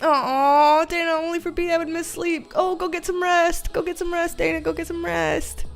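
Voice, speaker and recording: A young woman hosting a casual livestream, reading viewer comments aloud, giggling often, swearing freely and greeting people with excited bursts. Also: very high voice, moderate pace, faint music behind. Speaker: livestream host, tarot reader.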